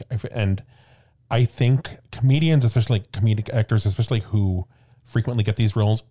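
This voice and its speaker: A man's voice: fairly low pitch, mellow. A man co-hosting a podcast, talking in a thoughtful, somewhat hesitant casual way. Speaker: podcast co-host. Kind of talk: casual chat.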